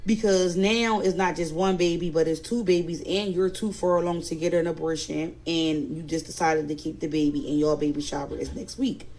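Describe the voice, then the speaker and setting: A woman's voice: deep voice, flat delivery, fairly quick, few pauses, warm tone, poor audio. A woman with a Philadelphia accent telling a family story in a casual storytime, animatedly quoting others and growing indignant. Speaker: storyteller recounting family drama.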